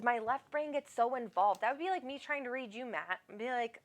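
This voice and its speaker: A woman's voice: a little high, lively intonation, fairly quick. Chatty, affectionate woman medium host. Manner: chatty, affectionate, rambling with many fillers. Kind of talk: live-stream reading with callers.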